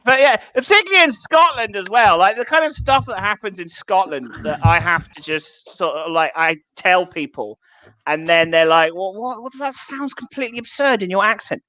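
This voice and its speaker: Young man, English accent, stand-up comic, bright tone, dry close sound, deadpan self-mockery. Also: sits high, normal speed, no echo, poor audio. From England. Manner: dry, self-mocking, acts out voices in his stories. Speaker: stand-up comedian. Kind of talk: online stand-up set.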